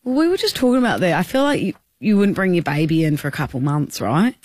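A woman's voice: lowish voice, sing-song, fast, a little mellow, no echo, clean studio sound. Playful Australian woman radio host. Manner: playful, teasing, laughs often. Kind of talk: casual radio banter.

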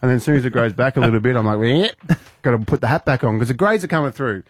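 A man's voice: mid-range voice, expressive, very fast, husky, no echo. A young Australian man hosting a casual radio show, telling rambling stories and laughing often. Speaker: radio host. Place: radio studio.

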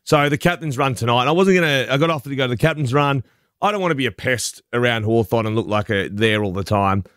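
A man's voice: medium pitch, fast, a bit bright, no room sound, studio quality. A man with an Australian accent, co-hosting breakfast radio and telling a self-mocking story in casual banter. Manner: chatty, self-mocking storyteller who acts out voices in quotes.

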